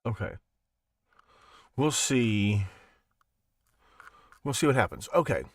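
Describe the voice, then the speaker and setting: A podcast host rambles sarcastically through a casual monologue on his own show, laughing at his own jokes. His mid-range voice is animated and slow, recorded in studio quality with no room sound.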